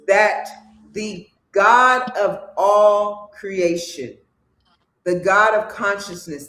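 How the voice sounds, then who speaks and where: A livestream host speaks in an emphatic, preachy way, leaning into slow, deliberate phrasing. Lines often build up to loud declarations. The voice sits in an echoey room with a faint hiss behind it. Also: medium pitch. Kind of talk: spiritual talk show monologue.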